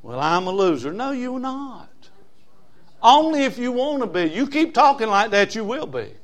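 Folksy preacher, high voice. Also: male voice, sing-song, moderate pace. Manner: folksy preaching, swings from loud emphasis to low asides. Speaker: pastor. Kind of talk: sermon.

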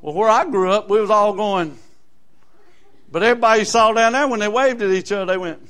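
High-voiced older Southern preacher. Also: male voice, fairly quick, a bit bright, clean tone. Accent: South Carolina Southern US. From South Carolina, US. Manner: fiery, folksy preaching with colloquial Southern grammar. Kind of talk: sermon.

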